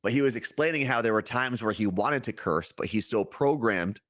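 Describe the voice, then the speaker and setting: A middle-aged New Jersey man with a matching accent co-hosts a casual podcast chat, his mid-range voice moving at a moderate pace. He tells stories in an animated way, acting out the quotes as he goes.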